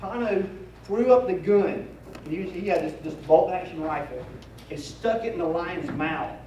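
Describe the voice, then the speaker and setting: A man's voice: high voice, unhurried, highs cut off. Guy doing funny hunting stories at a dinner, echoey hall, kinda far from the mic, noisy. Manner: animated Southern-style storyteller, acting out voices. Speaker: banquet speaker. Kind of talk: humorous storytelling speech. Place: banquet hall.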